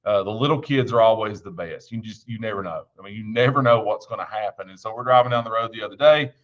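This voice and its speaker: A man's voice: fairly low pitch, fast, a bit bright, dull audio. A man giving an informal devotional talk, telling stories in a folksy, earnest way with frequent restarts. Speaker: church devotion speaker and school bus driver.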